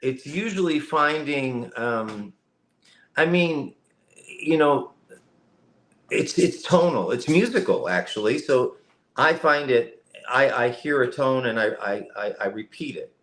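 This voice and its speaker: A man's voice: mid-range voice, lively intonation, measured pace, a bit bright. A man from Cleveland, Ohio, a guest voice actor on a casual live-stream interview over a video call from home, explaining things reflectively with many fillers. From Cleveland, Ohio, USA. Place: home setup with a lighting kit. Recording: roomy echo.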